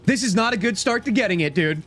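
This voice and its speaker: A young man streaming gameplay live, excitable and teasing as he banters with his chat. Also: sits high, fast talker.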